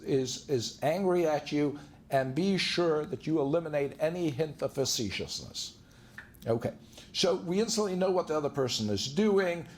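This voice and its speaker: Earnest guy lecturing, kinda high voice, lots of restarts and repeated words. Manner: anecdotal, earnest advice. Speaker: divorce lawyer giving a talk. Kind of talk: storytelling lecture.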